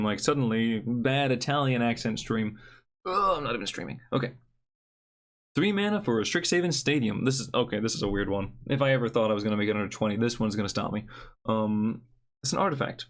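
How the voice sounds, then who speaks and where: A man's voice: mid-range voice, expressive, brisk. A young man giving a casual, joking card review with blunt opinions.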